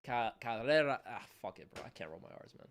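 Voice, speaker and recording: A young man from Canada streaming a football watchalong, chatting casually in slang with loud reactions and quiet muttered asides. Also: medium pitch, lively intonation, very fast, slight background noise. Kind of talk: live match watchalong commentary.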